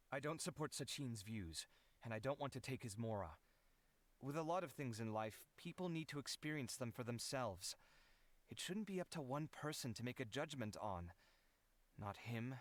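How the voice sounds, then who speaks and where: A man's voice: mid-range voice, moderate pace, no room sound, natural voice. A man voicing a tired, modest young architect who talks hesitantly and sighs in a game cutscene. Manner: hesitant, sighing. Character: weary young male architect, modest, drained.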